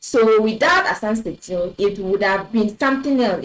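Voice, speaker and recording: A woman teaching a French lesson online, repeating each example word slowly and clearly. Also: mid-range voice, poor audio. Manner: slow, deliberate, repeats words for clarity.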